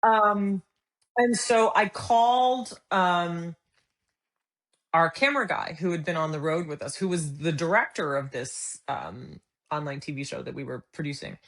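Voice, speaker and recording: A middle-aged woman with a fairly low, unhurried voice tells a story as an interview guest. She's animated and acts out the quoted dialogue as the conversational storytelling unfolds.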